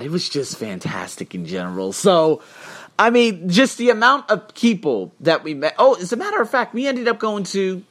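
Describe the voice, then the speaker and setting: A man's voice: a little high, fairly bright tone. A man casually recapping his travels as a vlogger, rambling and storytelling with lots of fillers, talking from indoors on a rainy day. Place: indoors in a hotel room during rain.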